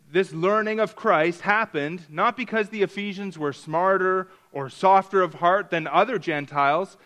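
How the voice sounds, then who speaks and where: Pastor guy preaching, kinda high voice, slow and emphatic, repeats stuff for emphasis. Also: a bit bright. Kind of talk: sermon.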